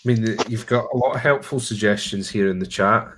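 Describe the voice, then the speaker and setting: A man's voice: on the low side, brisk, noisy background. A man hosting a party game over a remote call from home, teasing the players in a dry way with hesitant restarts. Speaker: game host. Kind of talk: casual chat running a party game. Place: at home during lockdown.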